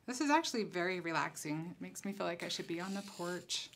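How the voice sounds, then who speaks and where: A woman with a slightly low voice walks viewers through a craft project. She is chatty and relaxed, thinking aloud as her hands stay busy. A faint room noise sits under her voice. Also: brisk. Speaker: concept designer demonstrating crafts. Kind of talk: casual craft tutorial.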